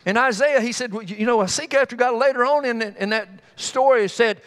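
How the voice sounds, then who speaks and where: High-voiced folksy male preacher. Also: fairly bright tone. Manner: folksy, conversational preaching with repeated "come on"; tells homespun stories with quick asides to the congregation. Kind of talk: sermon.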